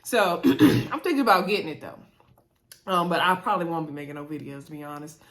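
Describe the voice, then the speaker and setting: A woman's voice: lowish voice, lively intonation, brisk, a bit bright. Chatty woman recapping reality TV. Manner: chatty, addresses viewers as y'all, laughs often. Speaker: TV show recap reviewer. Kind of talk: casual chatty review.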